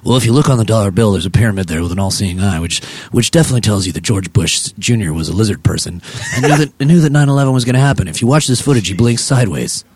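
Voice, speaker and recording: A man voicing a male conspiracy theorist who rushes through wild claims with earnest certainty. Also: on the low side, animated, breathy edge, no echo, pitched below the performer's own voice. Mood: ranting.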